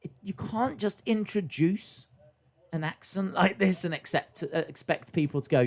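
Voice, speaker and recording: A man's voice: sits high, moderate pace. A man hosting a live stream, chatting casually as he reacts to a wrestling show and reads viewer comments aloud.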